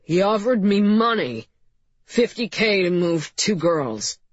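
A woman's voice: medium pitch, expressive, takes it slowly, breathy edge, dry recording. A woman voicing a frightened, defensive man who pleads his innocence. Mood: scared pleading. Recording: slightly muffled recording.

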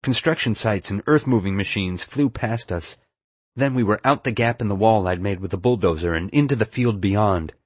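A man reading a first-person adventure story aloud in a steady, measured way. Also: lowish voice, slightly rough, no echo. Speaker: audiobook narrator. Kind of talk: scripted first-person narration.

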